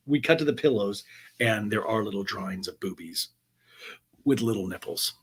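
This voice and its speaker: A man's voice: lowish voice, moderate pace, breathy edge. A male podcast host giving a comedic, gossipy play-by-play recap of a reality show and acting out each line he quotes.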